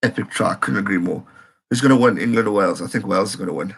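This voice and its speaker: A man from South Africa hosting a live rugby reaction stream, excitable and reading viewer comments aloud. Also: lowish voice, fast, creaky, husky.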